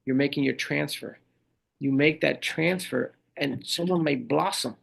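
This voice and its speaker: A middle-aged man who is a leadership speaker appears as a podcast guest in a casual interview, his fairly high voice carrying a gravelly edge and a somewhat slow pace. He tells his stories with energy and acts out the voices of the people he quotes, keeping things conversational.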